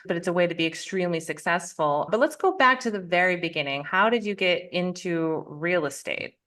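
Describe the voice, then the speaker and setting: A woman's voice: lowish voice, expressive, brisk. A woman hosting a real estate podcast, introducing and questioning her guest with enthusiasm. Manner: enthusiastic, warm laughter. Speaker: podcast host. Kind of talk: interview hosting.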